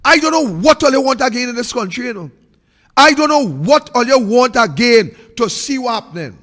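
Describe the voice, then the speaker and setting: A man's voice: very high voice, expressive, a little fast, a bit bright, big-room sound. A man with a Trinidadian accent hosting a political commentary show, ranting in a fiery, repetitive way that sometimes turns sing-song. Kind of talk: impassioned political monologue.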